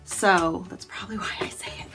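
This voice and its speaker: A woman from the United States chatting casually and enthusiastically as she unboxes a book subscription box, gasping and making quick asides about each item. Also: fairly low pitch, fairly even intonation, over loud music. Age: adult, married.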